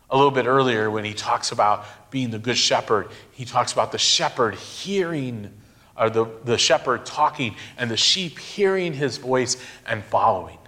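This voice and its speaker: Middle aged guy preaching, slow and thoughtful, leans on key words, average pitch voice. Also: lively intonation, sharp tone. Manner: slow, reflective preaching with emphatic pauses. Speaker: pastor. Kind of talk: sermon.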